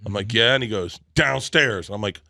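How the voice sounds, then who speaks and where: A man's voice: fairly low pitch, brisk, creaky, sharp tone, no room sound, clean studio sound. A man telling a long comic story on a podcast, acting out the voices and laughing through it. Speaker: storytelling guest.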